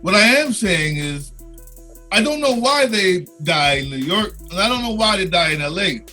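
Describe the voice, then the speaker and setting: A man's voice: high-pitched, animated, moderate pace, bright, forceful tone, soft background music. A man co-hosting a podcast who concedes points and then pushes back insistently. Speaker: podcast co-host. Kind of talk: casual debate on a podcast.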